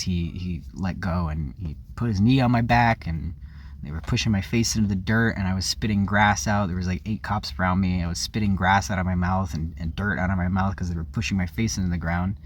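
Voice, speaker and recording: A man's voice: sits low, fairly even intonation, a little fast. A man vlogging a candid personal story, rambling and confessional, often circling back and correcting himself. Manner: rambling, frank and confessional, with self-corrections and frequent "like".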